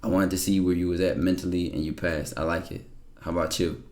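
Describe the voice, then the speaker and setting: Male streamer, lowish voice, blunt and salty, commentary-style rant to chat. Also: flat delivery, fast, a little mellow. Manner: blunt, profane, lecturing. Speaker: streamer reacting to viewer messages. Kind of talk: casual livestream commentary.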